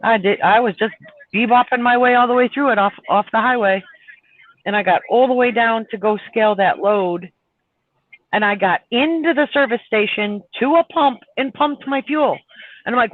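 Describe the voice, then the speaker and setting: A man's voice: very high voice, moderate pace, dry recording. A man, a truck driver, telling a long road story in a chatty way on a live stream. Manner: chatty, laughing, retells arguments with heat. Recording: tinny phone-like line.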